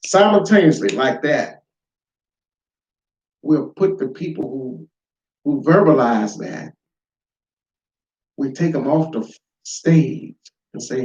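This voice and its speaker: A man giving an informal spoken lesson, emphatic and full of rhetorical questions, swinging between loud and quiet. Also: mid-range voice, expressive, slow pace, long pauses, distant mic. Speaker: lecturer. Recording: echoey room, dull lo-fi sound.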